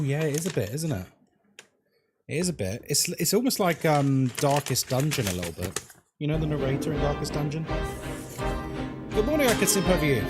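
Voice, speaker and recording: A man, chatting casually with viewers as a horror game streamer. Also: a little high. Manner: chatty, animated, jokey, talks to chat as folks. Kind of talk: casual live-stream chat.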